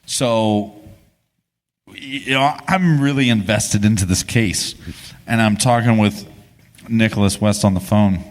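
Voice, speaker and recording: A man's voice: lowish voice, measured pace, long pauses. Man telling a story on a live stage. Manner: casual, rambling, frequent restarts and swearing. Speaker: podcast co-host. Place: podcast festival stage before an audience. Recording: live stage with long hall reverb.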